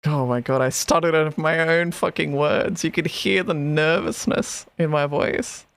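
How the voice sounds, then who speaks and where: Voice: medium pitch, steady tone, moderate pace, gravelly, fairly bright tone. A streamer in casual chat, swearing often and laughing between sentences while rewatching an old stream.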